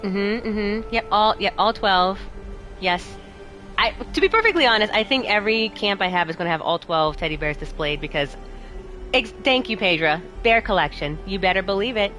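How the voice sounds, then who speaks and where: A young woman hosting a live game stream, bubbly and giggly as she chats with viewers. Her voice sits at a middle pitch for a woman, and soft music plays faintly behind her. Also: moderate pace. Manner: bubbly, giggly, animated, talks to chat. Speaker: streamer and host. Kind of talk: casual chat while playing a game live.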